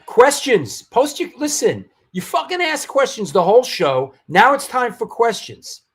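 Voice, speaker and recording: Brief: high-voiced male livestream host, loose hyped announcer, stumbles and restarts. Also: sing-song, measured pace, breathy edge. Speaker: show host. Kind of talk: livestream talk show chat.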